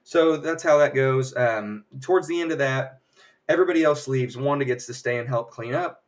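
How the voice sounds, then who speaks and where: Picked up on a distant mic, a livestream host at his home setup rambles through a casual episode recap at a moderate pace in a medium-pitched voice. He throws in plenty of fillers and acted-out quotes.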